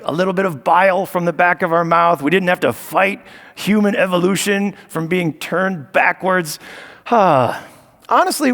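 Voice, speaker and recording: A man's voice: high voice, gravelly, a bit bright, big-room sound. A man performing a stand-up comedy set on stage, sarcastic with mock boasting. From United States. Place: stage of a live show venue.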